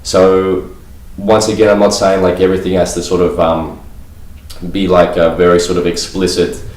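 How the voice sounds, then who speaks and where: Casual male vlogger, very low voice, loose rambling delivery, roomy echo. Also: flat delivery, normal speed, darkish tone. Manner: rambling, heavy fillers like "you know" and "like". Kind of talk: casual talk to camera. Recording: echoey room, voice a bit far from mic.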